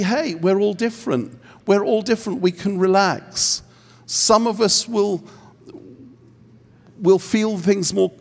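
A man's voice: high-pitched, gravelly. A man teaching on prayer, acting out little scenes with self-deprecating humor. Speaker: speaker at a prayer training session. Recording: long hall reverb.

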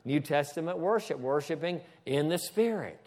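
Preaching man, a bit high. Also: lively intonation, normal speed, darkish tone. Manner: preaching with frequent "Amen?" and asides to the slide operator. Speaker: pastor. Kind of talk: sermon. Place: church.

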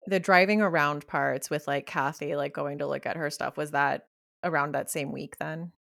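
Low, gravelly-voiced woman host. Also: normal speed. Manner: brief reactions and relaxed questions. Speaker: podcast host. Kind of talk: casual interview.

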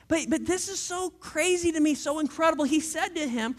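A pastor preaching a sermon in a casual, animated way, full of slang and playful asides. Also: high voice, brisk, hardly any pauses. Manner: animated, conversational storytelling with slang; shifts into a quiet, reflective tone late on.

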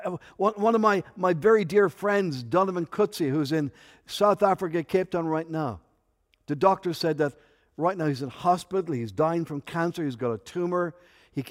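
A man preaching a sermon as pastor, swinging from soft, intimate asides to loud, emphatic peaks. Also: fairly high pitch. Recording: long hall reverb.

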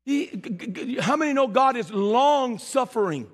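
A man preaching a sermon as pastor, animated and teasing, with shouted peaks and asides to the congregation. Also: extremely high pitch, moderate pace. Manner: humorous, teasing. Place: church sanctuary. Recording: long hall reverb in a church.

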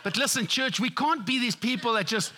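Middle-aged pastor guy preaching, really bright voice, animated storytelling. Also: extremely high pitch, moderate pace, slight background noise. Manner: lively storytelling with acted quotes and laughter. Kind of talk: sermon.

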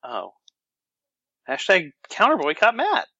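A man's voice: high-pitched, huge pitch swings, slow, creaky, bright, forceful tone, husky, no echo, dull audio. A man co-hosting a podcast, bantering and joking casually about a film. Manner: jokey, playful banter. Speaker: podcast co-host.

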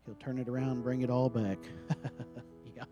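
A man, preaching a sermon and praying for miracles, swinging from soft talk to loud, drawn-out emphasis. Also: medium pitch, flat delivery, muffled recording, music in the background. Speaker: guest preacher. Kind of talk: sermon with prayer.

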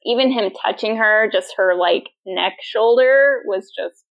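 A young adult woman co-hosting a podcast in casual chat, animated and laughing as she acts out quoted lines. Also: medium pitch, unhurried, highs cut off. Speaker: podcast co-host.

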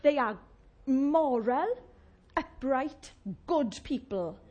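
A woman preaching a sermon, chatty and warm-humoured, often asking the congregation questions and laughing. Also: high voice, animated, drawn-out words.

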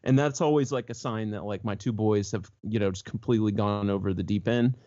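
Brief: male co-host, casual storyteller, animated, slips into quoted voices, slightly dull lo-fi sound. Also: on the low side, fairly quick. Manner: animated, jumps into voices when quoting others.

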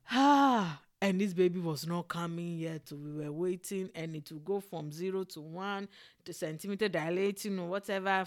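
A young adult woman telling a personal story in a casual, expressive way, with frequent exclamations. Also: on the low side. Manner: animated and expressive, with exclamations and laughter.

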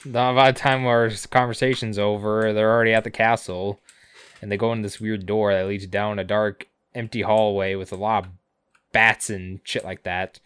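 A man co-hosting a podcast, recapping episodes casually with sarcasm, swearing and quick character impressions. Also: lowish voice, level tone, a bit bright, smooth, dry recording. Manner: sarcastic, swears a lot, acts out characters' lines. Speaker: podcast co-host.

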